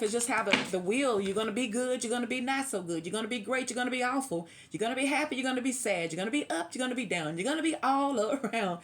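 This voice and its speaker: A woman's voice: on the high side, slight background noise. A woman giving a casual tarot reading, chatty and preachy, laughing often. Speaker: tarot reader.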